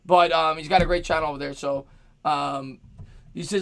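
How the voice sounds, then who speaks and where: A man hosting a sports reaction livestream, calling plays with excitement and reading viewer donations aloud. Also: fairly high pitch, moderate pace, creaky. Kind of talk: excited live play-by-play and chat.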